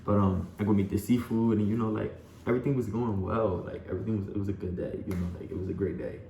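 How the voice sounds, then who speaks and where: A man's voice: fairly low pitch, fast, gravelly, mellow. A young man telling a personal story to his viewers, rambling and full of "like" and "you know". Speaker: vlogger. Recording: echoey room with faint background hum.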